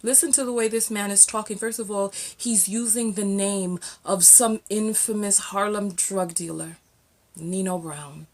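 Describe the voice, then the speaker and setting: A woman from the United States giving sassy, animated reaction commentary as a relationship vlogger. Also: mid-range voice, measured pace. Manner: sassy, animated, exclaiming and questioning.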